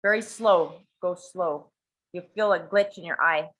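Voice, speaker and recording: A woman talking in a blunt, animated way, swearing freely as she leads a small group. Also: fairly low pitch, measured pace. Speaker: coach and workshop leader. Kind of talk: casual talk to a small group.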